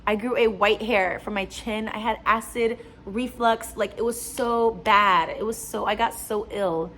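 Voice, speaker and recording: A woman's voice: mid-range voice, steady tone, a little slow, fairly bright tone, slight background noise. A young woman, a newly licensed nurse, chatting casually in a personal vlog and filling her talk with "like.". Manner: chatty, lots of "like" fillers. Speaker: new nurse vlogger.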